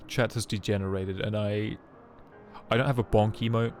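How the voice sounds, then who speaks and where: Over faint game music, a young man rambles through casual live-stream chat as he plays, poking fun at himself with joking asides. He speaks at a normal pace in a steady, somewhat low, slightly mellow voice, with a little background noise.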